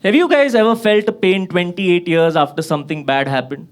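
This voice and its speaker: A man's voice: sits high, fairly quick. A man in his thirties from Kashmir doing a profane stand-up comedy set in a club, his voice jumping up when he gets riled. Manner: profane, exasperated punchlines, voice jumps up when riled. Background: audience laughter.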